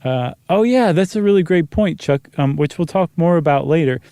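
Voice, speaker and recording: Relaxed man chatting on a podcast. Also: fairly high pitch, normal speed, smooth, no room sound. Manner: conversational, rambling with fillers. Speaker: podcast co-host. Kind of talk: casual chat.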